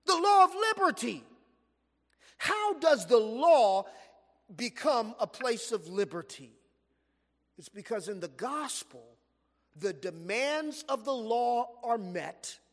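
Guy preaching in a church, really high voice, lots of echo tail, animated storyteller. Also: slow pace. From Los Angeles, USA. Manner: animated storytelling preaching, stretched emphatic phrases. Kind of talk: sermon. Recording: long reverb from a large hall.

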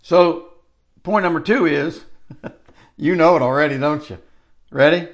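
Gravelly older man preaching a sermon. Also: fairly high pitch. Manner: conversational, drawn-out emphatic phrases. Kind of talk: sermon with personal storytelling.

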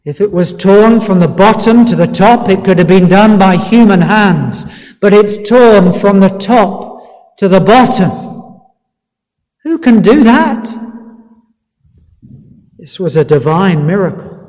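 A high-pitched man delivers a sermon in a slow, deliberate cadence. He presses his points with emphasis and rhetorical questions to the congregation. His voice rings with the long reverb of a large church hall. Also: a little mellow. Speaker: preacher.

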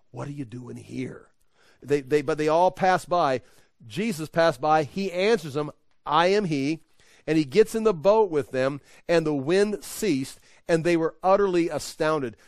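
A man teaching the Bible in an animated, conversational way, often laughing. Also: a little high, dry recording, studio quality.

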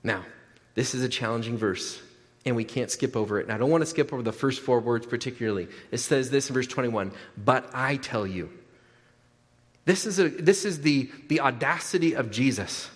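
A man preaching a sermon as a pastor, animated, often repeating his words and checking in with the congregation. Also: mid-range voice, fairly quick. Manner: animated, repeats words, asks the crowd "right?". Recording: long hall reverb.

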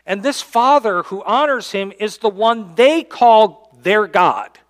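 Pastor guy preaching, highish voice, gets loud then goes quiet and low, reads old-style bible verses. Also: lively intonation, slow. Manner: dynamic preaching, swings from loud emphasis to quiet, low endings; reads scripture aloud in King James wording. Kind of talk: sermon. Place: church sanctuary.

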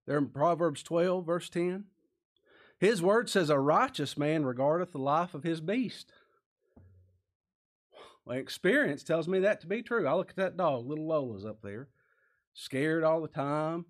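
A man's voice: a little high, animated, normal speed. Earnest male preacher. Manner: earnest, emphatic preaching with rhetorical questions. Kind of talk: sermon.

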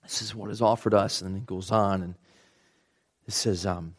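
A man preaching a sermon in an earnest way, often restarting words and dropping to a soft hush at tender points. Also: on the low side, steady tone, moderate pace, long pauses. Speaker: pastor.

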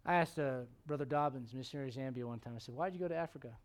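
A man preaching a sermon, telling stories and acting out the quotes, sometimes dropping to a hushed tone. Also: fairly high pitch, quick pace. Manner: animated storytelling, acts out quotes, drops to hushed tones.

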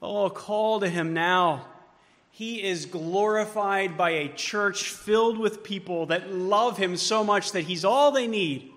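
A man preaching a sermon as pastor, moving from hushed, tender passages to loud, emphatic ones. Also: high-pitched, slow pace. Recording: long hall reverb.

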